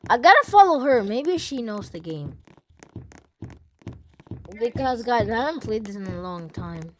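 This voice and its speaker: A woman hosting a gaming video, giving excitable, panicky commentary that keeps repeating itself and breaking into yelps. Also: on the high side, a little slow, long pauses, faint music behind.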